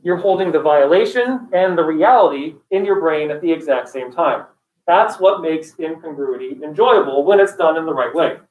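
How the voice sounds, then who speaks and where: A man teaching a class in a casual, animated way, mixing stories into the lecture. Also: on the high side, moderate pace, phone-quality sound. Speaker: instructor. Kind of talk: lecture with storytelling. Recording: roomy room, far from the mic.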